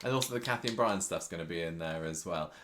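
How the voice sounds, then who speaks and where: A man's voice: low-pitched, fast, a bit bright. A man co-hosting a podcast in casual chat, jokey and playful with puns. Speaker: podcast co-host.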